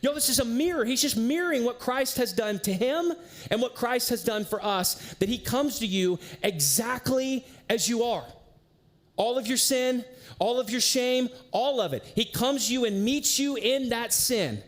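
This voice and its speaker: A man preaching a sermon as pastor, in a casual, conversational way with slang and lively storytelling. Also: very high voice, normal speed. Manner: animated storyteller.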